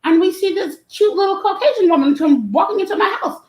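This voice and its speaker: High-pitched woman telling a funny story, lots of laughing, echoey room. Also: fairly quick. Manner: animated, laughing, acts out quotes. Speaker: event promoter, guest. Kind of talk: casual storytelling. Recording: roomy echo.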